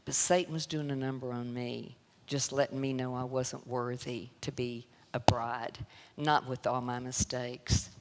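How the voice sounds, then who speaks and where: A woman's voice: very deep voice, flat delivery, a little slow, background noise. A woman with a Southern US accent giving an emotional personal testimony to a church audience, telling her story with laughter and sorrow. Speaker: guest speaker. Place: church sanctuary. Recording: long church hall reverb.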